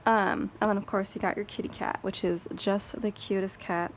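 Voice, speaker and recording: A woman's voice: medium pitch, steady tone, normal speed, slight background noise. A woman with a Texan accent, chatting casually and rambling as she thinks aloud at her planner desk at home. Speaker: planner vlogger. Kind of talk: casual chat. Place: home craft desk with a fan running.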